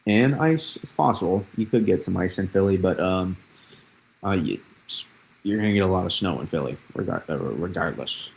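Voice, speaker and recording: A young man from New England talks through a storm forecast on a livestream in a low, gravelly voice. He rambles, doubles back on his words and reads viewers' questions aloud before he answers them. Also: lively intonation, moderate pace, darkish tone, slight background noise. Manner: rambling, reads chat aloud, repeats himself. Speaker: weather livestream host. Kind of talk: casual livestream weather analysis.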